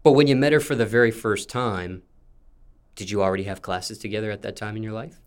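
A man hosting an interview, asking his guest questions in a formal, measured way. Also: lowish voice.

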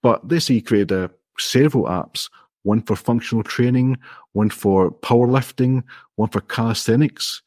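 A man's voice: medium pitch, moderate pace, darkish tone, dry recording, studio quality. A man, an indie app developer, explaining his approach step by step in a friendly, modest way during a casual interview.

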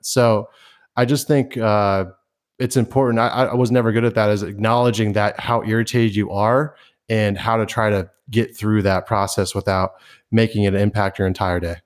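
A man's voice: on the low side, steady tone, normal speed. A young man co-hosting a podcast, telling a rambling story in an easygoing, casual way. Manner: easygoing, rambles through anecdotes with fillers. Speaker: podcast co-host.

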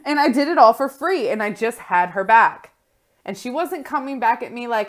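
A woman's voice: fairly high pitch, lively intonation, moderate pace. A woman in her thirties, a life coach, talking casually in a blunt, frank way and swearing freely. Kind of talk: casual solo talk.

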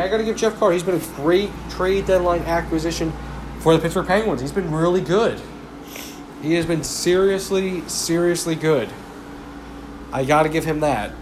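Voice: mid-range voice, slight background noise. A hockey fan giving a casual, passionate game recap, rambling with lots of "like" and repeating complaints heatedly. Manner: heated ranting, repeats demands.

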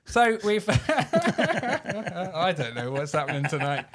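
A man hosting a podcast with excitable, lively banter. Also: sits high, takes it slowly, over a noisy crowd. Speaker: podcast host. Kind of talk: casual chat.

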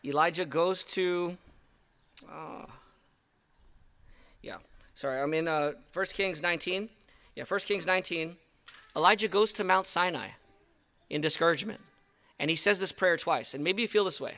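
A man preaching a sermon at an outdoor service, retelling stories in a conversational, animated way. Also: fairly high pitch, normal speed, pauses often. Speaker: pastor.

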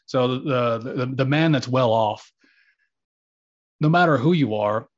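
A man's voice: medium pitch, a little slow. A man talking earnestly and reflectively as a guest in a conversation, often restarting his phrases. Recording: slightly dull lo-fi audio.

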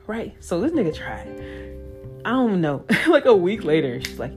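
A young woman hosting a casual solo podcast, talking in a loose, slangy, animated way with playful impressions. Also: on the high side, normal speed, faint music behind. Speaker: podcast host.

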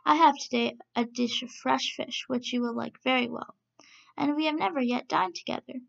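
A sly male rabbit from a children's storybook, polite and smug as he plots against his customers, read by a woman. The voice sits fairly high with a heavy gravelly crackle. The recording is dull and lo-fi. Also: normal speed, fairly bright tone, full character voice. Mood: courteous.

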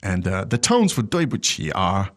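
Man, lively pitch, animated delivery, casual language lesson, acts out lines. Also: normal speed. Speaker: language teacher.

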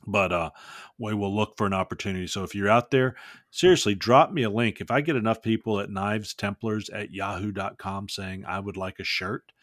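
Low-voiced jokey male podcast host. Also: a little fast, fairly bright tone, no echo, studio quality. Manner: jokey, rambling. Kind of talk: casual chat.

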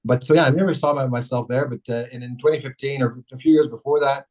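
A man's voice: medium pitch, steady tone, quick pace, a little mellow, poor audio. A middle-aged man from Canada being interviewed as a mayor, telling long rambling stories full of restarts and self-corrections. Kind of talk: casual storytelling interview.

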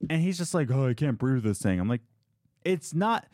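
A man telling a story about a customer in a casual chat, animated and sarcastic, acting out what people said. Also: medium pitch, moderate pace, no room sound, studio quality. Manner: animated, sarcastic, quotes people in put-on voices. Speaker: restaurant worker telling a story.

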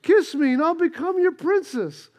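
A man voicing a small talking frog in a joke, high and coaxing as it begs to be picked up. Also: lively intonation, moderate pace, a little mellow. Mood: pleading. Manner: pleading, coaxing. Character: small squeaky talking frog, female-wishing princess.

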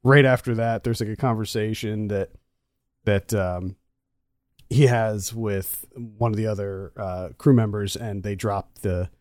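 A man co-hosting a casual movie review chat, talkative and quick to laugh. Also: fairly low pitch, steady tone, darkish tone, no echo, studio quality. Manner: chatty, laughs easily. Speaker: podcast co-host.

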